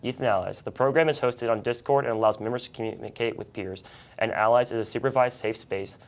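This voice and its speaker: A teenage co-host reads school announcements at a brisk clip. The voice sits mid-range and stays steady and even. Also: mid-range voice. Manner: fast, steady reading. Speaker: student news co-host.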